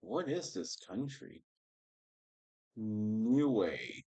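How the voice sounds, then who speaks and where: A man hosting a casual livestream, chatting with viewers and reading their comments aloud in a relaxed, rambling way. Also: on the low side, slow pace, rough recording. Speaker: livestream host reading scripture.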